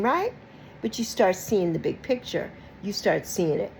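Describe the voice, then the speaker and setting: A woman talks straight to her viewers with a lively, swooping pitch. She hammers her points home by saying them twice and ends many lines with "right?" Faint noise sits under her voice. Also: moderate pace, poor audio. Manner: emphatic, repeats phrases and tags lines with "right?"; expressive, with bursts of laughter and mock quoted voices. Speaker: YouTube host. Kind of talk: casual talk to camera.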